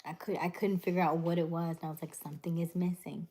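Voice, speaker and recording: Mellow, low-voiced woman livestreaming. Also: quick pace. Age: middle-aged. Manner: animated storyteller, acts out dialogues, reads chat aloud. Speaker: livestream host. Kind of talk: casual livestream chat.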